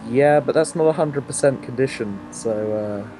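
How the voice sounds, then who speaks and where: A man's voice: medium pitch, normal speed, noisy background. A man co-commentating an endurance sim race, hesitant with many fillers, reading out gaps and chat messages. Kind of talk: live sim-racing commentary.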